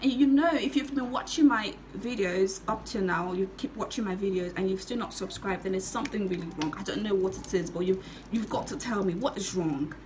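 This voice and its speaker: A young woman telling a story to her viewers in a casual vlog, giggling and animated as she talks. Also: medium pitch, a little fast, hardly any pauses, background noise. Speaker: vlogger.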